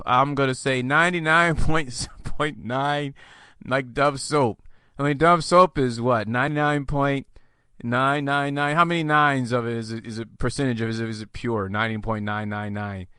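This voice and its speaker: A chatty man runs his own advice podcast, joking and rambling through listener questions. His voice is bright and forward, set at an ordinary male pitch. The recording is dry and close, with no room sound. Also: smooth, dry recording. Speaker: podcast host. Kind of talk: solo podcast advice monologue.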